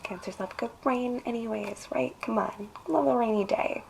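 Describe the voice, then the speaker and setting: A woman's voice: a little high, normal speed, gravelly, darkish tone, a little hiss or hum, poor audio. A woman giving a casual tarot reading in an emphatic, coaxing way, drawing out her phrases. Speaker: tarot reader.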